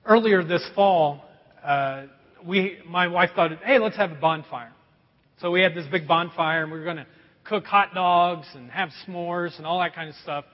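A man's voice: sits high, steady tone, normal speed, big-room sound, lo-fi sound. A middle-aged man preaching a sermon in a church, telling folksy stories and calling his congregation folks. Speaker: pastor. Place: church sanctuary.

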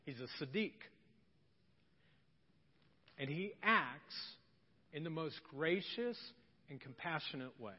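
High-voiced pastor man in a reverberant hall. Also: takes it slowly, long pauses. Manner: humorous, animated, acts out voices of people in the story. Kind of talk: sermon. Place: church hall. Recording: muffled church hall recording with long reverb.

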